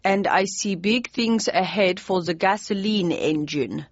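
A woman doing a stiff older Prussian statesman, speaking with a heavy German accent in a slow, intoning, icily polite way. The voice sits low and measured. The sound is dry and a little dull. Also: dry recording. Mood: formal.

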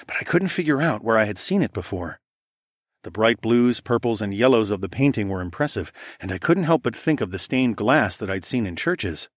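Low-voiced male storyteller, dry sound. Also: animated, a little fast, no echo. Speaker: audiobook narrator. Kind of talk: first-person story narration.

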